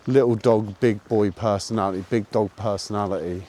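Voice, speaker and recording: A man chatting casually outdoors while walking his dog, relaxed and explaining his training. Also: lowish voice, normal speed. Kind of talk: casual walking vlog chat. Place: outdoors on a walk.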